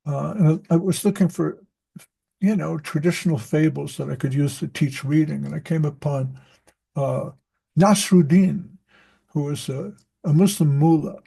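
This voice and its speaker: A man's voice: a little high, normal speed, creaky, warm tone, slightly rough. A man who teaches reading, talking in a loose, rambling way at a group meeting and often restarting his sentences. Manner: rambling, self-interrupting storyteller. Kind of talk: casual group discussion.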